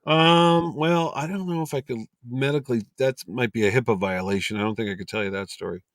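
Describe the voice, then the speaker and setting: A man's voice: mid-range voice, fairly quick, dry recording, clean studio sound. A middle-aged man, a convention promoter, telling anecdotes on a podcast and acting out the people in them. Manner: animated storyteller, acts out quotes.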